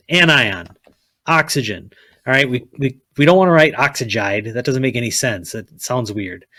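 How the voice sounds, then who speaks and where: A man's voice: mid-range voice, fairly bright tone, no room sound. Blunt man teaching chemistry. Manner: blunt, repeats okay, prods students to write. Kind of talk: classroom lecture.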